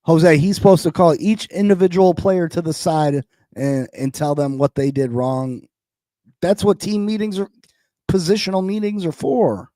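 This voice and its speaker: A man's voice: a little high, moderate pace, no echo, studio quality. Man ranting incredulously about sports. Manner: animated, incredulous, repeats lines for emphasis. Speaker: sports podcast host. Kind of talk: heated sports talk.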